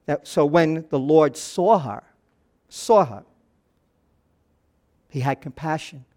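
High-voiced man preaching a sermon. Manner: swings from soft and hushed to raised and animated. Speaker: pastor.

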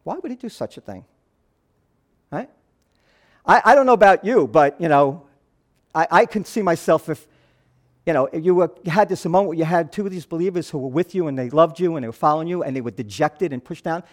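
A man pastor preaching a sermon, telling the story in an animated way that swings between loud and hushed. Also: a little high, a little fast, pauses often.

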